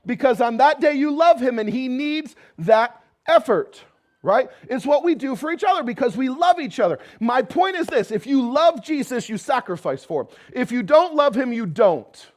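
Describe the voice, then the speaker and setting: A man preaching a sermon to his congregation with an American accent, swinging from loud emphatic calls to quiet, intimate passages and slipping in joking asides. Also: very high-pitched, expressive, normal speed. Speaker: pastor. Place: church sanctuary before a congregation.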